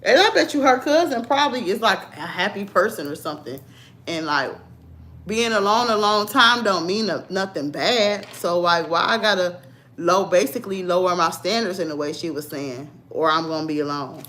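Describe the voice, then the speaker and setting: A woman's voice: on the low side, expressive, moderate pace, fairly bright tone. A young woman, talking bluntly and sassily to her livestream viewers in a casual chat. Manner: blunt, sassy, talks straight to viewers. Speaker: livestream vlogger.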